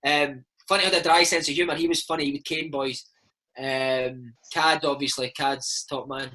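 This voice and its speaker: A Scottish man in his thirties, a former footballer telling stories in a casual interview, animated and peppering his talk with "mate". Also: on the high side, moderate pace, a little hiss or hum, low-quality recording. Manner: animated, chatty, keeps saying mate. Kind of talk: casual storytelling chat.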